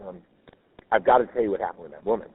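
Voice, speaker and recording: A man's voice: fairly low pitch, racing, breathy edge. A man putting on an upset British woman on a phone line. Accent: put-on British.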